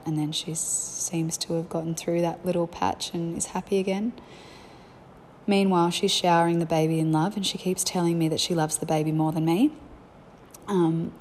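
A young woman speaks as a parent, telling frank, reflective family stories in a conversational style. Her voice sits low and is a little mellow, flat in delivery at normal speed, with a faint hiss or hum behind it.

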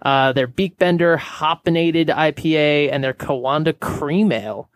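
A man co-hosting a casual beer podcast, talking in a relaxed way with many fillers into a close microphone. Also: on the high side, a little slow, no room sound. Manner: laid-back, lots of filler words. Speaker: podcast co-host. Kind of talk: casual chat.

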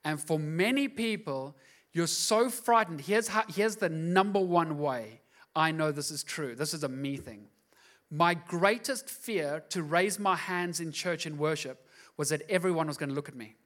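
High-pitched passionate male pastor. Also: expressive, unhurried, bright, forceful tone. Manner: passionate, rising to emphatic outbursts. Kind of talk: sermon.

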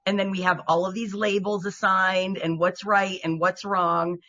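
Bright, husky woman co-hosting a podcast. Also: medium pitch, little pitch movement, normal speed. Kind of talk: casual chat.

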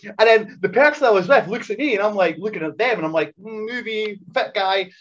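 Animated, husky man; slightly high, lively delivery; dull lo-fi sound. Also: quick pace, slight background noise. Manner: animated, acts out voices in anecdotes. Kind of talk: casual storytelling chat. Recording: dull lo-fi recording.

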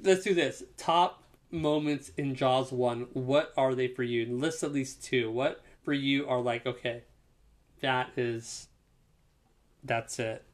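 A man co-hosting a casual podcast, his voice at an ordinary, middle pitch. He tells things in an easygoing, chatty way and drops swear words freely. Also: takes it slowly. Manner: relaxed storytelling, with casual swearing. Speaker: podcast co-host. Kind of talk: casual chat.

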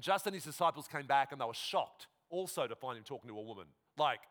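A man's voice: medium pitch, fast talker, few pauses. A man preaching a sermon, reading a Bible passage aloud and breaking off for casual asides to the congregation. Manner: reads scripture aloud with lively asides. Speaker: pastor.

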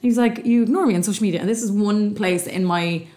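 A woman's voice: mid-range voice, fast talker, dark tone. A young Irish woman co-hosting a casual podcast chat, acting out dialogue as she tells a story and swearing freely. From Ireland. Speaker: podcast co-host.

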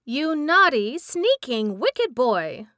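A woman voicing a scheming old witch in a storybook reading, shrill and cackling. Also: expressive, moderate pace, a bit bright, no room sound, clean studio sound, close to an everyday voice. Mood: furious.

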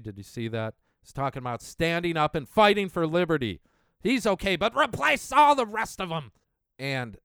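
A man's voice: clear, resonant tone, no room sound, clean studio sound. Indignant ranting male podcast host. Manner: indignant, ranting, swings from shouting to low mutters. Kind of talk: angry political rant.

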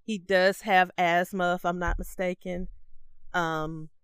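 A woman's voice: lowish voice, little pitch movement, slow pace, smooth, no room sound. A woman co-hosting a podcast in casual chat, easygoing, laughing often and trailing off with "um.". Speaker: podcast co-host.

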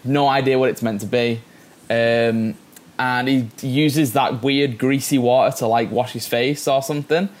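A man's voice: medium pitch, steady tone, unhurried. Rambling man recapping a film. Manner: rambling, with many restarts and fillers while searching for words; swears casually and laughs often. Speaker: podcast co-host. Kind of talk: casual chat recapping a film.

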